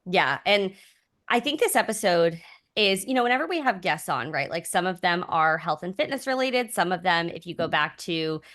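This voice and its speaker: A woman with a slightly low voice co-hosts a relaxed podcast. She talks candidly and loosely, and she keeps checking in with "right?" and "like". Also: normal speed. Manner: animated and candid, many fillers and rhetorical 'right?'. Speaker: podcast co-host. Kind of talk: casual podcast chat.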